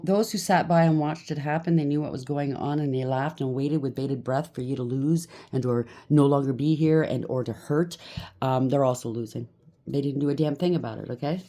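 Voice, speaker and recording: Low-voiced, blunt woman tarot reader. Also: dark tone. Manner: blunt, scolding. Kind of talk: tarot card reading.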